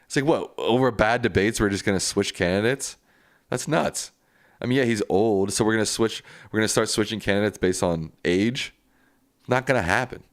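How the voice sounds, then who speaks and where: A man's voice: on the low side, moderate pace, dry recording, studio quality. A man hosting a live stream, reading viewer comments aloud and answering them in a casual, plainspoken way.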